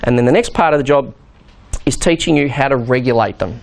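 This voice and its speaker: A man, a physiotherapist leading a workshop and explaining exercises in an animated way, often acting out quoted voices. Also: medium pitch, brisk, gravelly. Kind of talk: workshop instruction.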